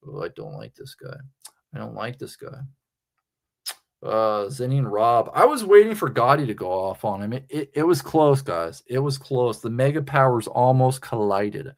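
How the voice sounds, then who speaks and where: A man hosting a livestream in a casual rant, profane and confrontational, hammering his points by repeating them. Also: mid-range voice. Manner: repeats phrases for emphasis. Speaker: livestream host.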